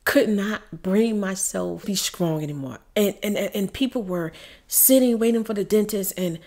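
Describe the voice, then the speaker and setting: A middle-aged woman tearfully telling a personal story while doing her makeup, at times dropping into soft whispers. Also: mid-range voice, normal speed. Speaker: ASMR story-time vlogger.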